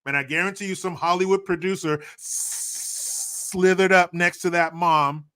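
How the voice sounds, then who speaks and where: A man's voice: high voice, moderate pace, pushed and bright, clean tone. Mocking, profane male commentator. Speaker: commentary host. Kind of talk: casual commentary, reading viewer comments.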